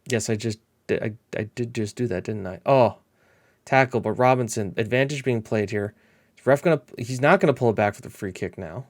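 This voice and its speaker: A man chatting casually over his own gameplay, rambling through his thoughts and breaking into excited shouts when the action heats up. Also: on the low side, brisk. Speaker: gameplay commentator. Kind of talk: casual let's-play commentary.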